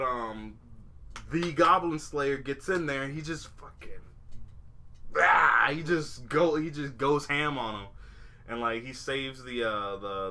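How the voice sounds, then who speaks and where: A man's voice: medium pitch, pushed and bright. A young man co-hosting a podcast, chatting casually and rambling with lots of fillers, restarts and swearing. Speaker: podcast co-host. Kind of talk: casual chat.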